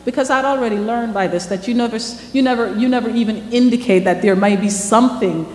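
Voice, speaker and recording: A woman's voice: a little high, fast talker. Woman telling a story in an echoey hall. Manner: lively storyteller who acts out quoted dialogue. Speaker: guest lecturer, former newspaper reporter. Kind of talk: first-person storytelling lecture. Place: lecture hall. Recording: echoey hall with faint background noise.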